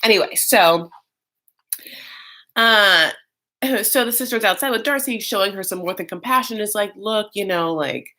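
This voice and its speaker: A man's voice: sits high, moderate pace, pauses often. A man hosting a live reaction show, chatting casually and animatedly with lots of fillers and campy, self-mocking asides. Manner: chatty and animated, many fillers, bursts of mock voices.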